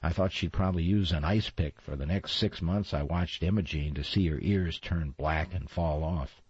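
A man narrating a storybook in a wry, lively way. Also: low voice, moderate pace, breathy edge, dry recording. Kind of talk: storybook reading. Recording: slightly dull, dry recording.

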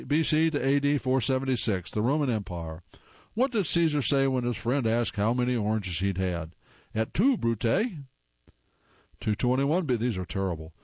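A man's voice: mid-range voice, a little mellow, no echo, highs cut off. A man hosting a show, casually reading corny jokes aloud and groaning wryly at how bad they are. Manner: reads jokes then groans at them wryly.

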